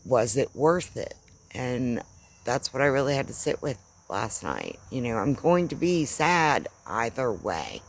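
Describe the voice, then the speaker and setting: A woman giving a reflective spiritual talk, speaking gently and searchingly with long pauses. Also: very deep voice, a little hiss or hum. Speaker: spiritual teacher. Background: faint crickets and insects.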